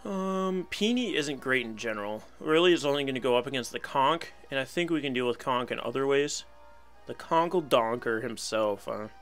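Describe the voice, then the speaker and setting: A man's voice: mid-range voice, expressive, a little fast, hardly any pauses, a bit bright, soft background music. A young man giving casual live commentary on a video game battle, wry and resigned, laughing at himself now and then. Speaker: gaming channel host.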